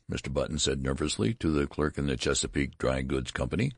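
A man reads a story aloud with a very deep, gravelly voice. His delivery is measured and wry, with lively ups and downs. The sound is husky and dry. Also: no echo. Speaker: narrator. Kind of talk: storybook narration.

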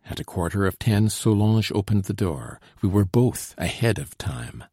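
A man narrating an audiobook in a measured, expressive storytelling manner. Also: on the low side, breathy edge, no room sound, studio quality.

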